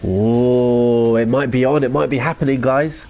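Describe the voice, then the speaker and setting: A man, chatting casually as a live streamer, reacting excitedly and reading viewer comments aloud. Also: medium pitch, measured pace, lo-fi sound. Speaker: gaming streamer.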